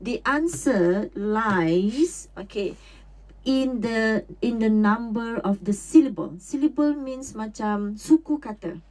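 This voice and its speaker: A woman's voice: fairly high pitch, lively intonation, slow, a little mellow. A Malaysian woman teaching English on a radio show, explaining step by step with examples. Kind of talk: radio English lesson, code-switching. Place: radio studio. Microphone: studio mic.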